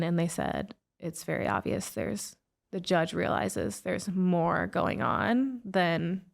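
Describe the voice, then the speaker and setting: With a lowish voice and vocal fry, a woman from the United States, an author and speaker appearing as a guest, tells an interviewer a painful story from her life. She is emotional and leans heavily on "like" as a filler.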